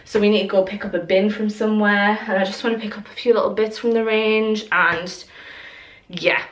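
A woman's voice: medium pitch, fairly even intonation, fairly quick. A woman in her twenties talking casually to the camera as she walks around her new home, rambling and filling gaps with "like". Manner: chatty and rambling, many "like" fillers. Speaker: lifestyle vlogger. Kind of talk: casual vlog chat to camera. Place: indoors in a newly moved-into house.

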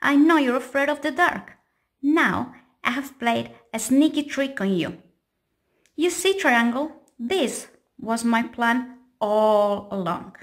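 A woman voicing a timid male square shape in a children's storybook, high and panicky. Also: lively intonation, slow. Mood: gloating. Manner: high, loud, panicky pleading.

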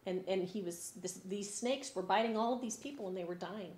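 A woman teaching a children's church lesson, telling a Bible story in an expressive way that swings between sad and lively. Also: medium pitch, fairly quick, reverberant. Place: church room.

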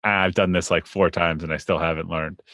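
A man hosting a podcast interview, relaxed and chatty, often repeating words as he starts a sentence. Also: sits low, fairly quick, no echo, clean studio sound. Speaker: podcast host. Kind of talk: casual interview conversation.

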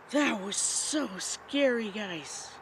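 A woman's voice: lowish voice, poor audio. A woman investigating the paranormal for a vlog, nervously asking spirits short questions outdoors in a forest at night. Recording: outdoor traffic noise. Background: passing traffic.

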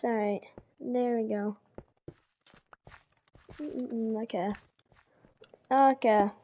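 Woman streamer, high pitch, excitable rambler who stammers and repeats words while chatting with viewers. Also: a little hiss or hum. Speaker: game streamer. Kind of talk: casual live-stream chat.

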